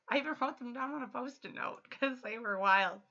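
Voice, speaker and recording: A thirty-year-old woman chatting casually while livestreaming a game, upbeat and quick to laugh. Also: fairly high pitch, vocal fry, sharp tone. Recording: slightly muffled lo-fi stream audio.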